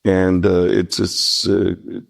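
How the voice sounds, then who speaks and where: A man, a guest guitarist, chatting in an interview and dropping dry jokes with a deadpan touch. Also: sits low, slow, gravelly. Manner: dry, joking asides. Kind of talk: casual interview chat.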